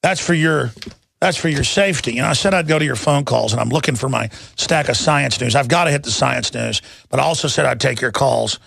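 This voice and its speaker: Sarcastic ranting radio host, gravelly. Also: male voice, mid-range voice, fast, few pauses, a bit bright, no echo. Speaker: radio talk show host. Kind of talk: talk radio monologue.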